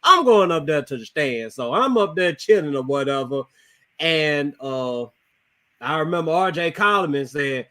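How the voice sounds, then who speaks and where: Bright, salty man storyteller. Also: a little high, normal speed. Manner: salty, animated, swears constantly. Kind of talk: casual storytelling.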